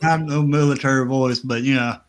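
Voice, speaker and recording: A man's voice: medium pitch, fairly even intonation, a little fast, clear, resonant tone. A man joining a casual stream chat as a guest, easygoing, answering in short bits.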